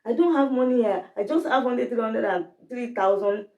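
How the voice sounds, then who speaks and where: A woman's voice: on the high side, brisk, dull audio. A middle-aged woman from Nigeria with a Nigerian English accent, a native Yoruba speaker, telling family stories animatedly and acting out the voices. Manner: animated storytelling, acts out voices, laughs while telling. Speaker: storyteller guest, the host's mother. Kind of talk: candid family conversation. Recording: roomy, distant mic.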